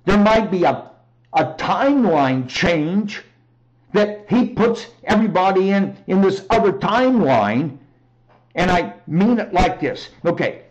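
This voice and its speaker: Guy on a talk show preaching his own testimony, kinda high voice, rambly and loud at times. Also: low-quality recording. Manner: emphatic, rambling, raises voice to near shouting.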